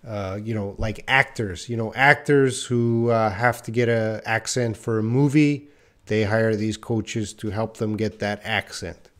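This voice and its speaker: A man's voice: on the low side, a little slow. A man teaching English, talking casually with fillers and restarts as he gives advice on accents. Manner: relaxed, rambling with fillers and restarts.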